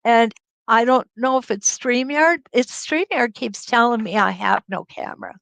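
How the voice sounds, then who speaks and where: Middle aged lady hosting a quilting livestream, high voice, slow and a bit gravelly, dry close sound. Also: expressive, a bit bright, no room sound, poor audio. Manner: chatty and laughing, greets viewers by name. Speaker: host of a live quilting stream. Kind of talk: casual livestream chat greeting viewers. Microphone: computer webcam mic.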